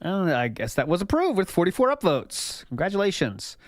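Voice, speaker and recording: A man's voice: high voice, wildly swooping pitch, a little fast, no echo, clean studio sound. A man streaming casually, rambling and laughing as he reacts to old clips for chat. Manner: rambling, laughs often, jumps between topics.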